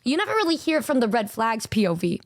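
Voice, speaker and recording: A young woman talking casually to her stream, with a high, bright voice. She chats in an animated way, swears freely, and slips into exaggerated voices to quote people. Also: fast talker. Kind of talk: casual stream reaction chat.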